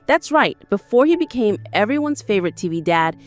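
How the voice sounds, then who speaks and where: A woman's voice: mid-range voice, big pitch swings, a little fast, soft background music. A woman reading scripted countdown narration in a chatty, hyped way, with playful asides to the viewer.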